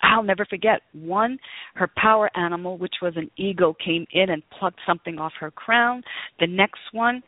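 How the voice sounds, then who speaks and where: A woman's voice: lowish voice, moderate pace, no echo. A woman, a guest author, telling personal stories in an earnest, exclamatory way during an interview. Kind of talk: storytelling interview talk. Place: in Las Vegas. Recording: tinny phone line, dry.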